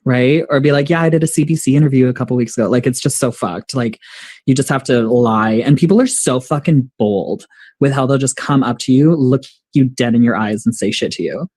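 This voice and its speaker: A young adult drag performer talking candidly, laughing often and swearing freely, as a guest on a video call interview. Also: male voice, mid-range voice, brisk, a little mellow. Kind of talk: casual interview chat.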